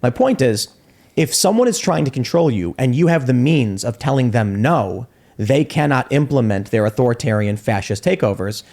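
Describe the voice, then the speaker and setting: A man hosting a podcast talk show, telling a joking story with animated asides. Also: medium pitch, normal speed. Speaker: podcast host. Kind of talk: casual talk show discussion.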